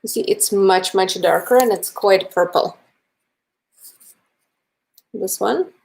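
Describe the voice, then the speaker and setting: A woman's voice: medium pitch, takes it slowly, creaky, a little mellow. A young woman with a Russian accent, teaching a live painting lesson, chatty and friendly, who talks straight to her viewers and answers their chat. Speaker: painting instructor.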